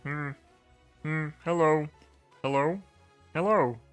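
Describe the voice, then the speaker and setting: A man voicing Kermit the Frog, a gentle male puppet frog, humming and halting before he speaks. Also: on the high side, clear, resonant tone, faint music behind, pitched above the performer's own voice. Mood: wistful.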